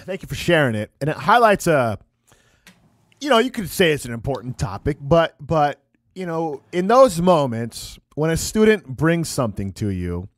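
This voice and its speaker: A man's voice: a little high, very animated, normal speed, no room sound, clean studio sound. A man co-hosting a podcast as a counselor, reflecting earnestly in casual chat and adding teasing interjections.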